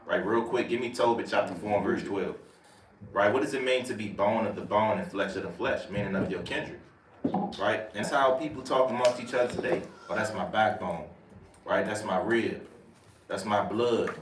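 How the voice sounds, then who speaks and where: A man's voice: fairly low pitch, a little fast. A man teaching scripture in a casual preaching style, repeating verses and asking "right?" after each point. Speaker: teacher leading scripture study. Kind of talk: street-preaching bible lesson. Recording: echoey room, mic far off, faint noise.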